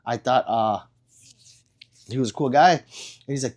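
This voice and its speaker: A man hosting a casual livestream and answering viewer comments in a blunt, profane and excitable way, with sudden loud outbursts. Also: medium pitch, normal speed. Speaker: livestream host.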